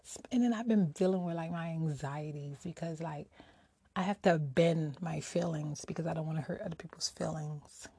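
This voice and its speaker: A woman's voice: deep voice, moderate pace, dark tone, husky, no room sound. A middle-aged woman ranting candidly in a casual personal vlog, slightly out of breath, tossing in rhetorical asides. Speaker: vlogger.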